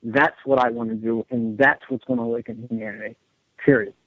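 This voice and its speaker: A man's voice: mid-range voice, steady tone, fairly quick, no room sound, narrow, tinny audio. A man as a radio show guest, talking earnestly in long rambling runs and often repeating his words. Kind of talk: casual radio interview.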